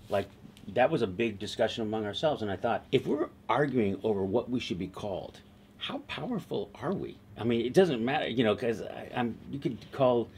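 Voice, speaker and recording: A middle-aged man, a TV writer being interviewed, telling stories in a lively, conversational way and laughing easily. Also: fairly low pitch, slight background noise. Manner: animated, laughs easily, slips into quoted voices. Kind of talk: conversational storytelling.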